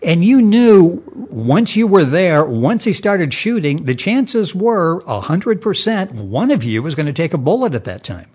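A man's voice: on the high side, big pitch swings, unhurried, few pauses, a little mellow, slightly rough. A man interviewing a guest, summing up the story and prompting him to go on. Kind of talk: interview questions.

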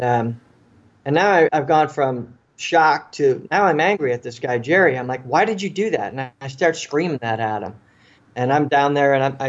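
Man, former police officer, interview guest, earnest storytelling, middle pitch, muffled recording. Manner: earnest, vivid storytelling that acts out what people said. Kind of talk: recounting a personal story in an interview.

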